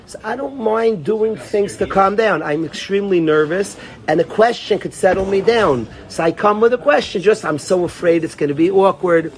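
A man's voice: high voice, normal speed. A man teaching an informal Torah class, talking conversationally, repeating phrases and calling on students by name.

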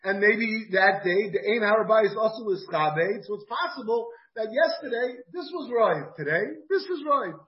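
A man's voice: high voice, animated, normal speed, hardly any pauses. A man with an American accent and Yiddish-Hebrew pronunciation teaches a Talmud class, thinking aloud and asking his students questions. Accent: American English with Yiddish-Hebrew pronunciation. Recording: dull, muffled class recording.

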